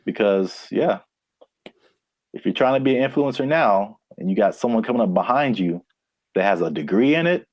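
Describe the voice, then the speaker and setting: A man's voice: fairly low pitch, lively intonation, normal speed, no echo. A man co-hosting a casual podcast, joking and laughing with his partner. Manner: playful, jokey, laughs often. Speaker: podcast co-host. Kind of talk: casual banter.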